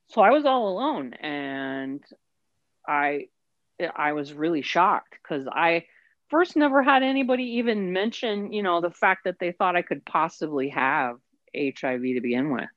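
A woman with a notably low voice shares a personal story as an interview guest. She speaks candidly and with emotion. The recording is dry and slightly muffled. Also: dry recording. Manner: candid, emotional, quotes others in her story.

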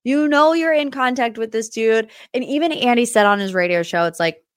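A woman hosting a podcast, recapping reality TV in a chatty, animated way and slipping into impressions. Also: fairly high pitch, a little fast, clean tone, no room sound, studio quality. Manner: chatty, animated, does impressions of cast members. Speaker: podcast host. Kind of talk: casual recap monologue.

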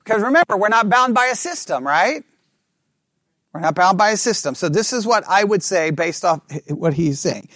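A man teaching a Bible class, thinking out loud and checking in with listeners often for agreement. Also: high voice, expressive, normal speed, no echo, clean studio sound. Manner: talks through ideas out loud with restarts.

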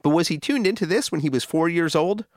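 A man hosting a music history podcast, reading scripted documentary narration in a measured, informative way. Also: fairly high pitch, animated, no echo, clean studio sound.

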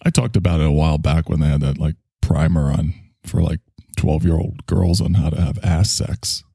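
A man with a New York accent hosting a sarcastic solo podcast, reading articles and mocking them with deadpan asides. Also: normal speed, creaky, husky, dry recording, studio quality. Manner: mocking, deadpan asides and sudden shouty pitch jumps. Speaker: podcast host.

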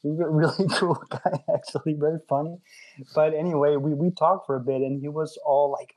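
A man's voice: fairly high pitch, steady tone, a little fast, a little mellow, rough recording. A man from Denmark with a Danish accent, chatting casually and telling a rambling story, laughing often and swearing now and then. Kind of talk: casual chat.

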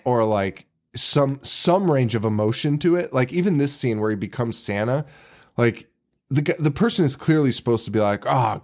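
A man's voice: mid-range voice, a little mellow. A man co-hosting a casual podcast, recapping a horror movie and laughing often as he quotes scenes. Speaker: podcast co-host.

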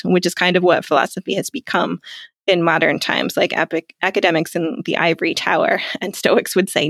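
A woman's voice: on the low side, expressive, fairly quick, gravelly, dry recording, studio quality. A woman speaking as a guest in a casual interview, chatty, with many fillers and frequent laughs. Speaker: guest, clarity coach.

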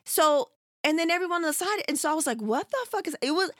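Animated woman telling a story. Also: sits high, quick pace, no room sound, clean studio sound. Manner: animated, profane, acts out quotes. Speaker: storyteller in casual chat. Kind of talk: casual chat.

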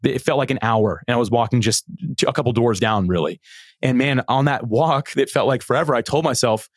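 A middle-aged man, a podcast guest, telling a story in an animated, earnest way with many restarts. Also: mid-range voice, brisk, no echo. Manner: animated, earnest, frequent repeated starts. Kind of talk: conversational storytelling.

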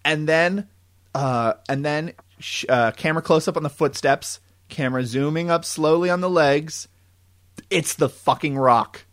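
Guy ranting about a movie plot, kinda high voice, lots of "like", fast and animated. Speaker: podcast co-host. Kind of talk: casual movie review chat.

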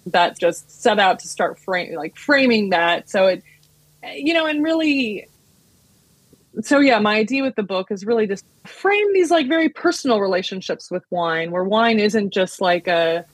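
A woman's voice: medium pitch, expressive, normal speed, no room sound. An American woman in her thirties, a wine professional chatting casually in a podcast interview, with lots of fillers and restarts. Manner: chatty, many fillers and restarts, laughs often. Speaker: sommelier and wine importer, guest.

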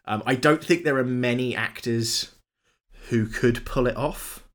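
A man co-hosting a film podcast, chatty and quick to laugh as he explains things at length. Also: mid-range voice, a bit bright. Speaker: podcast host. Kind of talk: casual film chat.

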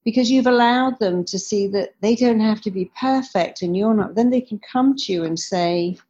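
A woman's voice: mid-range voice, normal speed, dark tone. A woman, a therapist guest in an interview, speaking earnestly and acting out the dialogue she quotes. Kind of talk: podcast interview answer. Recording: slightly dull lo-fi audio.

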